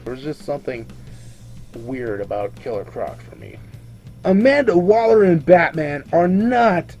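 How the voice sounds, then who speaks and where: A tipsy man drawls through a casual review with a mellow, slightly higher voice. He rambles, swears freely and stumbles over his words, with faint music underneath. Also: dull audio. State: drunk. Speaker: movie reviewer.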